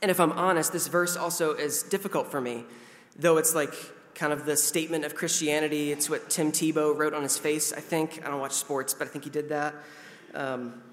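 A man's voice: fairly high pitch, fairly even intonation, fairly quick. A man in his thirties giving a casual, conversational sermon as a pastor, self-deprecating and now and then acting out voices. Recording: long hall reverb.

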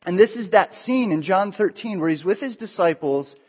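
A man's voice: sits high, expressive, moderate pace, breathy edge. Man preaching in a reverberant church. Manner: conversational, with fillers and repeated starts. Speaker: pastor. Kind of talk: sermon. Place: church sanctuary. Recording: dull sound with long hall reverb.

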